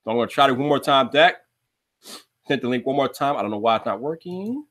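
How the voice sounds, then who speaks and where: A man's voice: medium pitch, animated, fast, a bit bright. A man hosting a live stream, chatting casually with slang and frequent laughs. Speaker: livestream host. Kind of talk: casual chat.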